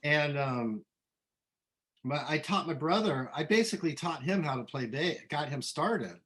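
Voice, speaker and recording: A middle-aged man from Southern California, a musician being interviewed, talking in a relaxed, rambling way with many ums and restarts. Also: on the high side, a little slow. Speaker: musician guest. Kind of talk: casual interview.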